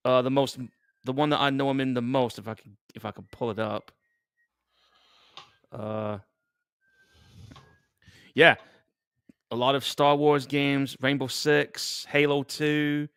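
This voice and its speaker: A man's voice: medium pitch, steady tone, takes it slowly, long pauses, fairly bright tone, clear, resonant tone, no room sound. English guy chatting over a horror movie, chuckles a lot, dry close mic. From England. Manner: laid-back, chuckling, casual swearing. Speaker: co-host. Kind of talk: casual live movie commentary.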